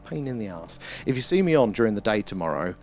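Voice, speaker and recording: A man's voice: lowish voice, sing-song, quick pace, darkish tone, slight background noise. A British man hosting a casual live stream, chatting, greeting viewers by name and swearing mildly. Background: faint ambient music.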